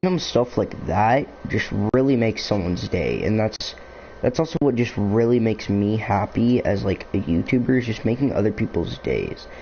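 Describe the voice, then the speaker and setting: A man's voice: on the low side, animated, normal speed, a little mellow. A young man, a YouTuber, rambling casually to the camera, full of fillers and musing asides. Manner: filler-heavy, meandering, musing. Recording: dull lo-fi mic with faint noise.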